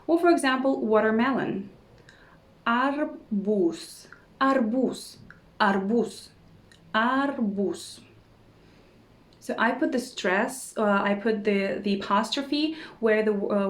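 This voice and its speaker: A woman teaching an online language lesson, pronouncing each word slowly and repeating it several times. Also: mid-range voice. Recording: roomy echo.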